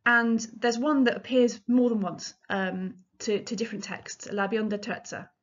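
Woman, music lecture, chatty and explanatory, restarts a lot, mid pitch, muffled recording. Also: steady tone, normal speed. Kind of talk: illustrated lecture.

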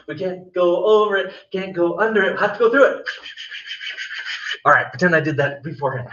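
A man leading a children's chanting and singing lesson in a playful, sing-song voice. His voice sits high and bright, and he takes his time. The recording sounds dull and roomy, with the mic set well away from him. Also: fairly quick, pauses often, distant mic. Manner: animated, sing-song, playful storytelling for young kids. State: out of breath. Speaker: music teacher.

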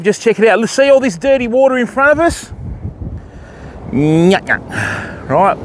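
An Australian man hosting a fishing channel, chatting casually and directly to his live viewers from a surf beach. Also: high voice. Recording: noisy outdoor recording.

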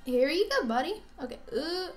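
High, lively young woman gaming. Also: normal speed. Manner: chatty, rambling, bursts into squeals and laughs. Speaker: let's play gamer. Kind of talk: casual gameplay commentary. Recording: faint game music behind.

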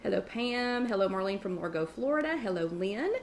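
A woman with a Southern US accent hosting a live online chat, talking fast and chatty with quick asides as she greets viewers. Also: medium pitch, animated, a little hiss or hum.

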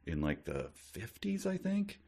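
A man's voice: mid-range voice, wildly swooping pitch, a little slow, creaky, darkish tone, slightly rough. A man co-hosting a podcast, chatting about a book in a dry, incredulous, mocking way. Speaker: podcast co-host. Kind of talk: casual comedic book discussion.

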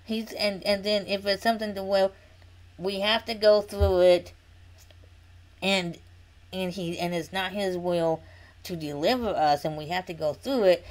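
A woman teaching an informal Bible study in an earnest, repetitive way, often checking in with a quick "okay?". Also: medium pitch, darkish tone, rough recording.

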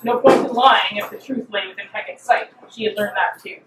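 A woman author reading her own fiction aloud at a live event, in a measured, expressive way. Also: medium pitch, distant mic, heavy background noise. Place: reading venue. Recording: roomy hall, mic from afar.

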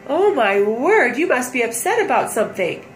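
A woman's voice: on the high side, big pitch swings, moderate pace, roomy sound, soft background music. A mother using sing-song baby talk with her infant at home, coaxing and drawn out.

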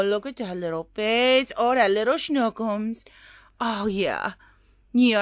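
A woman's voice: medium pitch, dry recording. A young woman vlogging from her car, talking casually and playfully, cooing in baby talk to her dog, recorded on a phone mounted on the dashboard. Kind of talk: casual vlog chat. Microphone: phone on a dashboard tripod. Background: car and road noise.

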